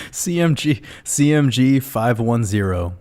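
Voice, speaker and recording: A man hosting a casual livestream, reading out viewer comments in a loose, profane way and laughing often. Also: medium pitch. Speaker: livestream host.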